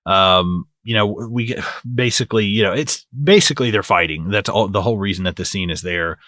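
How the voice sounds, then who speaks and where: A man's voice: lowish voice, brisk, fairly bright tone, dry recording, clean studio sound. A man co-hosting a movie podcast in casual, profane chat who often acts out lines from the film. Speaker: podcast co-host.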